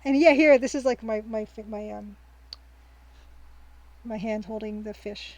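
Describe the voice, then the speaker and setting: A woman's voice: fairly high pitch, moderate pace, a little mellow, low-quality recording. A woman streamer giving casual let's-play commentary, chatty and rambling, thinking aloud with frequent ums and easy laughs. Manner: cheerful, laughs easily.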